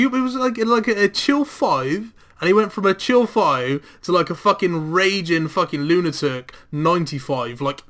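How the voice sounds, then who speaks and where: A young man in casual chat over a game, his voice pitched a bit high with a bright, forceful edge. He swears freely and tells stories with lively energy. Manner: sweary, animated storytelling. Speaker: gaming commentator.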